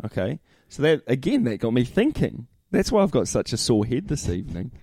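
A man's voice: mid-range voice, wildly swooping pitch, a little fast, warm tone, breathy edge, dry recording, clean studio sound. A middle-aged man co-hosting a casual sports chat, laid-back and matey, often tossing questions back. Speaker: podcast co-host.

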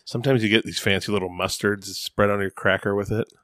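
Brief: young male co-host, lowish voice, dry close mic, goofy and easygoing. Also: fairly even intonation, quick pace, fairly bright tone, no room sound. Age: young adult. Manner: goofy, musing, laughs easily. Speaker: podcast co-host. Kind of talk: casual chat.

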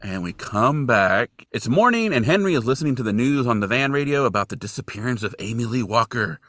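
A man co-hosting a podcast, recapping a TV episode in casual chat, animated and jokey, jumping into high exaggerated quotes. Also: quick pace. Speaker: podcast co-host.

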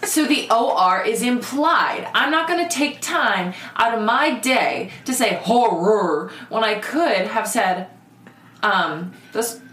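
A young woman hosting a podcast, joking and stretching out words for comic emphasis. Her voice sits a little high. She sounds set back from the mic in an echoey room. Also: expressive, fairly bright tone, distant mic. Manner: joking, drawn-out emphasis, frequent laughter. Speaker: podcast host. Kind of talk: casual podcast chat.

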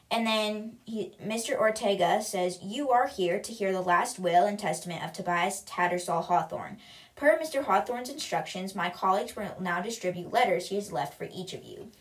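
Chatty woman recapping a novel. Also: mid-range voice. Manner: chatty retelling, filler words, reads quotes in her own voice. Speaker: book podcast host. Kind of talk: casual book recap with read-aloud passages.

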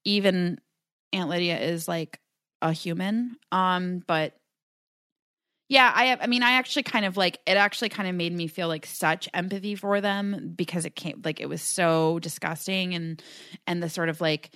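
Low-voiced woman podcast co-host. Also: normal speed, a bit bright, dry recording, studio quality. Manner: conversational, hesitant, trails off. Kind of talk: casual chat recapping a TV episode.

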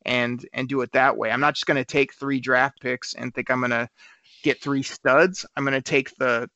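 Sports radio guy talking fast, sharp bright voice, kinda dull lo-fi sound. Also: mid-range voice, no room sound. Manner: argumentative, rapid, trips over repeated words. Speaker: sports talk show host. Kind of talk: casual sports radio chat.

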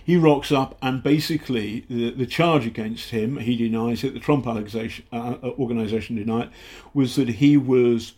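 A British investigative journalist telling stories in a casual interview, halting often and acting out the people he quotes. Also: mid-range voice, darkish tone. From Britain. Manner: halting, many fillers and restarts, acts out quotes.

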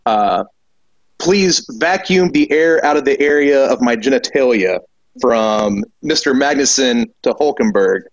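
A man's voice: medium pitch, dry recording, highs cut off. A man on a motorsport podcast panel making wry, dryly funny points. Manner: wry, dry humor. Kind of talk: casual chat.

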